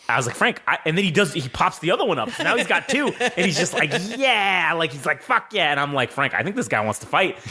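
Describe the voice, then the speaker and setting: Fast, lively, bright-voiced man. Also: fairly high pitch, husky. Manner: rambling, profane storyteller, acts out voices. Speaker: co-host. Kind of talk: casual podcast chat.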